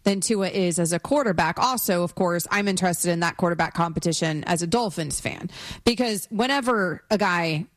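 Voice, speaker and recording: A woman's voice: lowish voice, moderate pace, dry recording. Woman sports radio host, dry studio sound.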